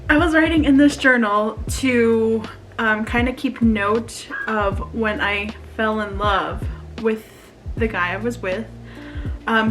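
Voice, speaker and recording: In a confessional vlog, a woman in her twenties with a slightly high, somewhat bright voice reads from her old journal. She gets emotional and laughs nervously as she goes.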